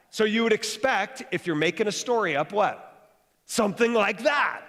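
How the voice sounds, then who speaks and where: Male preacher, quick conversational sermon, lively jokes, long reverb from a big church hall. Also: high-pitched. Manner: fast-talking, rising to animated bursts; joking, conversational. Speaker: pastor.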